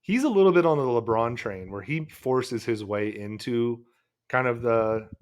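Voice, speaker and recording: A man's voice: mid-range voice, animated, normal speed. A man co-hosting a podcast in casual sports chat, laid-back, laughing often and calling his co-host "dude".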